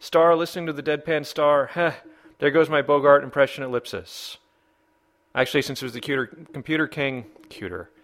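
A man's voice: a little high, fairly quick, a bit bright. A man hosting a podcast who reads listener comments in a joking, rambling way. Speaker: podcast host. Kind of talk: casual podcast banter.

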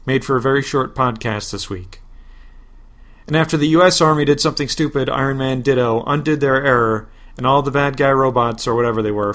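A man hosting a podcast, reading a parody superhero story in a deadpan way, flatly spelling out web addresses and asides. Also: mid-range voice. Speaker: podcast host.

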